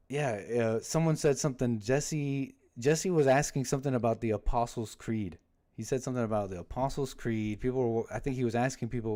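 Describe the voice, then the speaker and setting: A man's voice: medium pitch, a little fast, mellow. A man hosting a livestream, chatting casually and rambling, often breaking off his own stories with jokes. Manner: rambling, self-interrupting, jokey. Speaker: livestream host.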